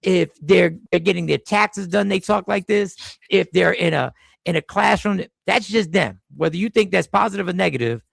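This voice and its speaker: Gravelly high-voiced male podcast host. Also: moderate pace, no room sound. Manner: animated, emphatic, swearing, frequent restarts. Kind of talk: casual chat.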